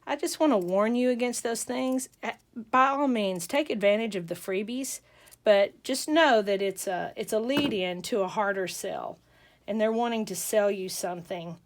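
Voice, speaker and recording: A woman's voice: mid-range voice, moderate pace. A woman hosting a casual crafting tutorial, chatty and rambling, with asides and jokes.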